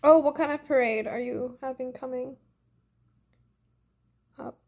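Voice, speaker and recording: A woman's voice: sits high, steady tone, measured pace, a little mellow. A young woman chatting casually on a phone livestream and reading fan comments, a bit congested, breezy and full of "like" and "literally".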